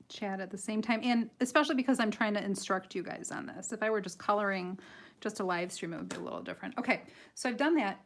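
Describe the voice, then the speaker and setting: A woman with a light Michigan accent and a slightly nasal voice hosts a casual coloring livestream. She rambles, giggles, and pokes fun at herself while explaining each step. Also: medium pitch. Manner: chatty, giggly, self-deprecating, rambling. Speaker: livestream host and coloring artist.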